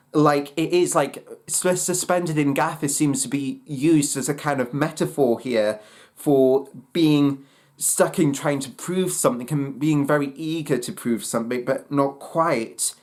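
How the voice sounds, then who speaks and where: A man's voice: mid-range voice, darkish tone. A man giving a casual spoken album review, hesitant and full of fillers and restarts.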